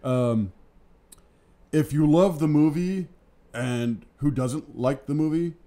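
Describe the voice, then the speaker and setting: A man in casual conversation, his voice dark and mellow. He talks with eager enthusiasm but stalls often on ums and repeated words. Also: fairly high pitch, slow. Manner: enthusiastic, hesitant with many ums. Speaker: co-host, scare actor. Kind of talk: casual review chat.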